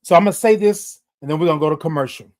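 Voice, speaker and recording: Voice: mid-range voice, rapid-fire, darkish tone. A livestream host talking straight to viewers in a passionate, emphatic way, raising the voice and repeating lines like a sermon. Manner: passionate, emphatic, raises voice, preachy repetitions. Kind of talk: animated live-stream talk to viewers.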